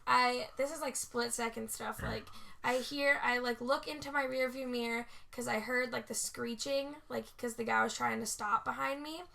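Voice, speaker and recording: A woman's voice: a little high, fairly even intonation, normal speed, vocal fry, sharp tone. A young woman co-hosting a podcast, telling a story in casual chat, swearing a lot, laughing often and saying "like" constantly. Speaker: podcast co-host.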